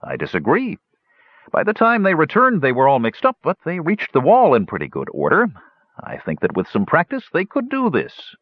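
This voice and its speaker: A man's voice: on the high side, wildly swooping pitch, moderate pace, no room sound, pitched above the performer's own voice. A man voicing a jovial male hill dwarf in an audiobook, in a blunt, amused way. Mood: instructing. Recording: dull lo-fi recording.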